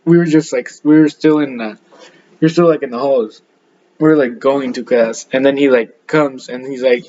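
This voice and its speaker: A man's voice: mid-range voice, a little mellow, dull audio. A young man rambling through casual stories, full of fillers and self-corrections, laughing at himself. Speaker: podcast storyteller.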